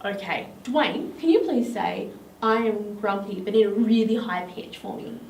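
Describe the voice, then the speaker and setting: A woman's voice: mid-range voice, animated, normal speed, creaky, darkish tone. A woman with an Australian accent leading a children's drama lesson in an encouraging, sing-song teacher voice. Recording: echoey room, mic at a distance, faint noise.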